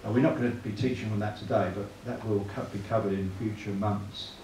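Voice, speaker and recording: A man's voice: on the low side, fairly even intonation, fairly quick, dark tone. A man giving a church evangelism talk, chatty, often asking the room tag questions. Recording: echoey room, mic far off, clear noise.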